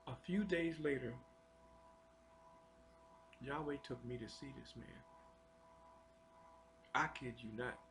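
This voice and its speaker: A man telling a personal spiritual testimony in an earnest, confessional way, halting and often repeating his words. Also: mid-range voice, a bit bright, a little hiss or hum. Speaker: storyteller sharing a personal testimony.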